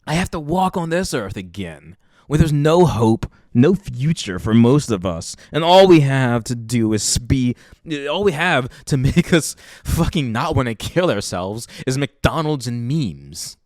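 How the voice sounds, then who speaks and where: A woman's voice: rumbling low, very animated, a little slow, a little mellow, no room sound. A young adult woman hosting a podcast, delivering an impassioned monologue full of swearing and emphatic ranting. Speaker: podcast host.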